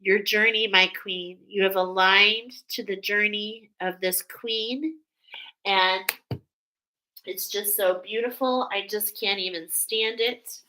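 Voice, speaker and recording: Slow, bright-voiced spiritual card reader woman. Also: medium pitch, fairly even intonation, rough recording. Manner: emotional, breathy awe, affirming. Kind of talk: spiritual card reading to viewers.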